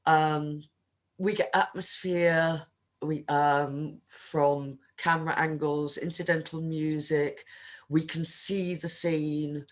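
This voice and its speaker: A woman's voice: sits low, steady tone, slow pace. Woman tutor, chatty with frequent ums. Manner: conversational, frequent um fillers. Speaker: writing workshop tutor. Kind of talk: online workshop talk.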